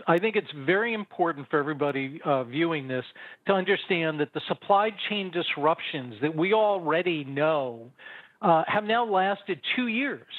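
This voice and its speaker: Male guest strategist, emphatic, stresses words by repeating them; high voice over a thin phone-like call. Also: no room sound. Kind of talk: interview answers. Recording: tinny phone-like remote line.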